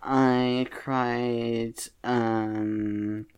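Low-voiced woman chatting slowly with lots of laughter. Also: clean tone. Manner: laughs often, animated storytelling. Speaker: podcast co-host and voice actor. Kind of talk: casual chat.

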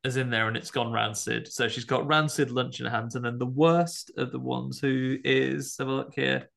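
A man with a gravelly, creaky voice, co-hosting a podcast. He talks in a relaxed, jokey way and now and then jumps up into high, animated outbursts. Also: moderate pace. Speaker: podcast co-host. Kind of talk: casual chat.

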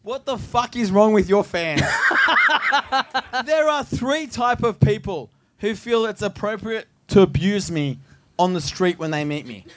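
A man's voice: high voice, animated, measured pace. A man, a politician guest on a live comedy podcast in a pub, blunt and swearing as he jokes.

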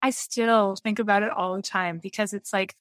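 A woman's voice: mid-range voice, fairly even intonation, normal speed, no room sound. Woman, candid casual talk, laughs often, dry recording. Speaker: guest. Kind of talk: casual conversation.

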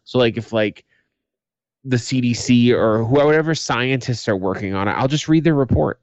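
A man's voice: medium pitch, normal speed, no room sound, highs cut off. A man co-hosting a podcast in casual chat, swearing freely and speaking emphatically. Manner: profane, emphatic. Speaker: podcast co-host.

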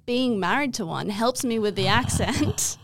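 A woman's voice: a little high, animated, unhurried, a little hiss or hum. A young woman comedian telling a story in casual chat, full of "like" fillers and mimicking the people she quotes. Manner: chatty, lots of "like" fillers, puts on voices for quotes. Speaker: comedian guest.

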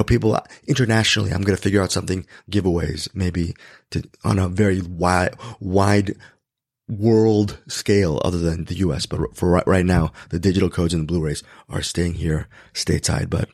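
A man in his fifties with a hoarse, raspy voice hosts a podcast in casual chat, rambling and often correcting himself. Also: dry recording, clean studio sound. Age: 50s. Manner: rambling, frequent self-corrections, jumps to excited high pitch. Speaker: podcast host.

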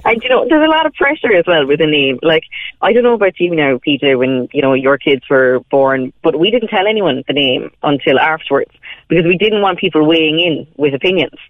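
A woman's voice: sits low, big pitch swings, fairly quick, no echo. A young Irish woman co-hosting a radio chat, chatty and laughing often as she tells stories. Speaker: radio co-host. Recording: tinny phone-like radio line.

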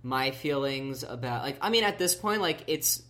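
A man's voice: medium pitch, animated, moderate pace, a bit bright. A man co-hosting a podcast in casual chat, easygoing and agreeable. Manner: easygoing, agreeable, many fillers. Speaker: podcast co-host.

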